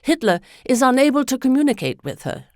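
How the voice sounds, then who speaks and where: A woman narrating a podcast from a script in a measured, storytelling manner. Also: sits high, big pitch swings, darkish tone, no room sound.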